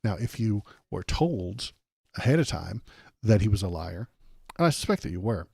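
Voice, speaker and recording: A man's voice: fairly low pitch, very animated, moderate pace, gravelly, a little mellow, breathy edge, no room sound, clean studio sound. Sardonic man hosting a livestream. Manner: rambling, sardonic, many uh fillers. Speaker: political livestream host. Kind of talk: casual live commentary.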